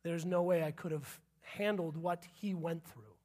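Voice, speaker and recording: Male pastor, high-pitched, playful sermon delivery with running gags. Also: unhurried, darkish tone. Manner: joking, repeats punchlines, laughs at himself. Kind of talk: sermon with humor.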